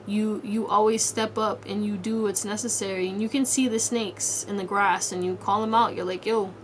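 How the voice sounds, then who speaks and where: A woman's voice: medium pitch, fairly even intonation, normal speed, slight background noise. A woman giving a casual pick-a-card tarot reading, speaking straight to the viewer in a slangy, blunt way and swearing freely. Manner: talks straight to the viewer in second person. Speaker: tarot reader.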